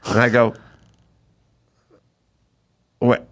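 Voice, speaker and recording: A man's voice: medium pitch, very animated, a little slow, long pauses, fairly bright tone. A man hosting a podcast, telling a story in casual chat and acting out the quoted dialogue in big voices. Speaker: podcast host.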